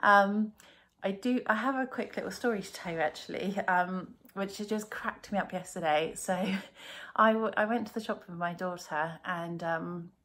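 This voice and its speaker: A woman's voice: medium pitch, normal speed, a bit bright. A woman, a cross-stitch vlogger chatting casually to camera in a rambling, self-mocking way.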